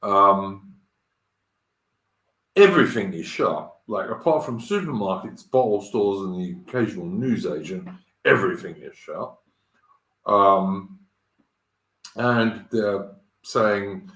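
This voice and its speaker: A man's voice: lowish voice, expressive, takes it slowly, pauses often, a bit bright, reverberant, poor audio. A man hosting a live stream in casual chat, talking bluntly and crudely and swearing freely. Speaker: stream host. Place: home in Australia.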